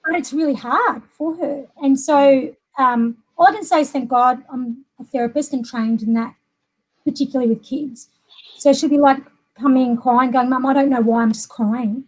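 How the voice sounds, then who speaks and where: A woman's voice: high voice, normal speed. A middle-aged Australian woman talking in a chatty, rambling way with many fillers in a casual conversation. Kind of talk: casual chat.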